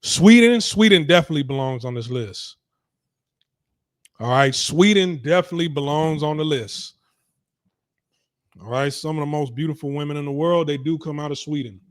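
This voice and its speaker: A man's voice: a little high, normal speed, pauses often, dry recording, studio quality. A young man giving casual reaction commentary as a show host, blunt, profane and dismissive. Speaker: streaming talk show host.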